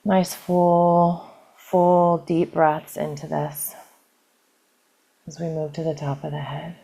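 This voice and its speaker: A woman leading a guided EFT tapping session, calling out tapping points in a slow, gentle, repetitive way. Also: low-pitched, little pitch movement, vocal fry.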